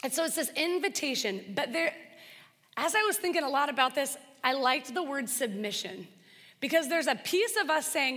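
A woman's voice: sits high, expressive, moderate pace, sharp tone, big-room sound. A young adult woman giving an earnest, conversational faith talk, acting out prayers as she teaches. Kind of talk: sermon-style teaching talk.

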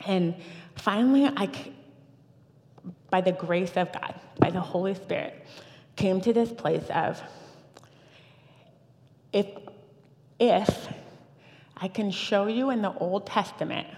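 A woman in her thirties giving a lively personal church testimony, with frequent fillers and restarts. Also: mid-range voice, slow, long pauses. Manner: animated storytelling with fillers and restarts. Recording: long reverb of a hall.

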